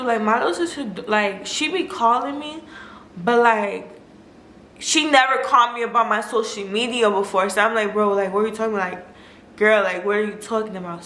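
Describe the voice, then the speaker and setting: In an echoey room with faint noise, a young woman food vlogger with a fairly high, somewhat bright voice shares a personal story. She's frank and emotional, leans heavily on "like," and curses without hesitation.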